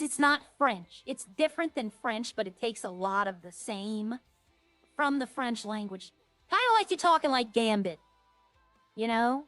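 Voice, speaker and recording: Woman, roleplay streamer, chatty and jokey, fairly high pitch, dry close sound. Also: a bit bright, dry recording. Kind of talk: casual chat to stream chat.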